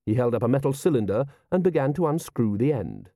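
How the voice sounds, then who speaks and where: A man reading an audiobook, narrating in an expressive, wry way. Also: medium pitch, a little fast, hardly any pauses, dry recording, clean studio sound. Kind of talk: scripted narration.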